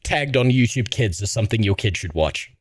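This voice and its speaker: A man's voice: lowish voice, animated, a little fast, slightly rough, no echo, studio quality. A man streaming casual reaction commentary, rambling and sarcastic with a lot of swearing.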